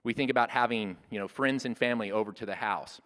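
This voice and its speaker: A man in his sixties gives an earnest, conversational teaching talk at a church workshop, frequently restarting his phrases. His voice is on the low side, a bit bright, and quick, with the long reverb of a hall around it.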